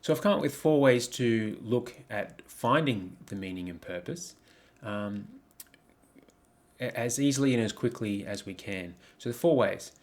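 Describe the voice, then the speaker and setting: A man's voice: mid-range voice, unhurried. A man giving a coaching talk over slides, reflective, posing many questions, with frequent ums and restarts. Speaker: life coach.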